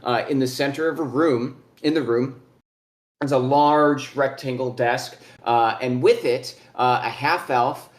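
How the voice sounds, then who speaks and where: A man running a tabletop game, wandering through his scene descriptions with plenty of fillers. His voice sits at a middle pitch, and the room rings with echo. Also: measured pace. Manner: rambling, many fillers and restarts in description. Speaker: game master.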